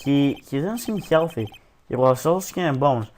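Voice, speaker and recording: A man's voice: mid-range voice, lively intonation, normal speed, a little mellow, a little hiss or hum. A man reading a courtroom video game's dialogue aloud, casual and self-mocking, peppering it with "dude" and "like". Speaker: let's play commentator. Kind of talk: reading game dialogue aloud with jokey asides.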